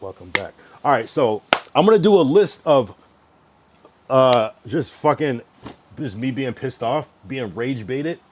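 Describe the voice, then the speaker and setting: A man's voice: mid-range voice, big pitch swings, measured pace, a little mellow, a little hiss or hum. A young man livestreaming, ranting at his chat in an irritated, swearing, casual way.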